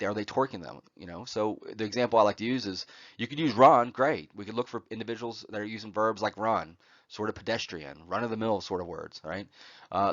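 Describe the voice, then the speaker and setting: Male lecturer, lowish voice, teaching poetry terms over slides; filler-heavy, asks "right?" often, dead-dry sound. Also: a bit bright, dry recording, dull audio. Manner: frequent "uh" fillers and "right?" check-ins.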